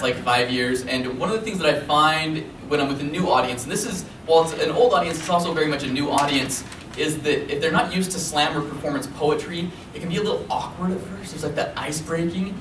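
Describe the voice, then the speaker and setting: A man with a fairly high voice performs slam poetry with an expressive, rhythmic delivery, slipping into chatty asides between pieces. He is picked up from a distance in an echoey room, with a faint hum of background noise underneath. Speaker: poet. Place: library event room. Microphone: recorded from a distance.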